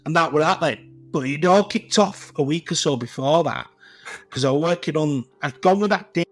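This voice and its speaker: Soft music plays in the background as this middle-aged Yorkshireman from Leeds, a tiler appearing as a podcast guest, chats casually. His voice is on the high side and his pace moderate, and his anecdotes ramble, stay blunt, and are full of swearing.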